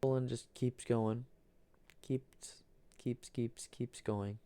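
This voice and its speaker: Casual male map narrator, gravelly and dark, halting, dry room. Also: mid-range voice, fairly even intonation, no room sound. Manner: repetitive, restarts, halting.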